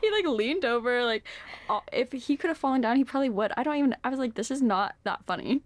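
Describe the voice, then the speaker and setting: A woman's voice: a little high, lively intonation, quick pace, no room sound. Woman, twenties, podcast co-host, casual chat, chatty, lots of fillers, laughs a lot, dry close mic. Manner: chatty storyteller, laughs often, heavy "like" filler.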